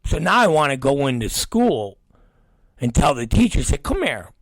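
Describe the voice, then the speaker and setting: A man's voice: mid-range voice, moderate pace, no echo. A middle-aged man hosting his show, telling a profane story and acting out the voices of the people in it. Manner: animated, acts out quoted voices, swears constantly. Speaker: show host.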